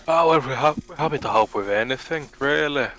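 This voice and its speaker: A man's voice: medium pitch, brisk, fairly bright tone, lightly acted. A man voicing a courteous adventurer with a mock Scottish accent, a little flustered. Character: polite adventurer man with a put-on Scots lilt.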